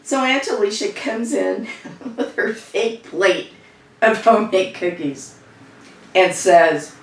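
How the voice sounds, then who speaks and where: A woman's voice: medium pitch, lively intonation, slow pace. An actress improvising a woman social worker who recounts a family row in a rambling, conversational monologue. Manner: rambling, conversational storytelling with fillers. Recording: echoey room, distant mic.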